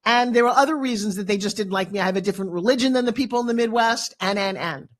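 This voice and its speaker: Woman in her fifties, dramatic and animated motivational speaker sharing her story as a talk show guest. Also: medium pitch, fast talker. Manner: animated, dramatic storyteller who acts out quotes.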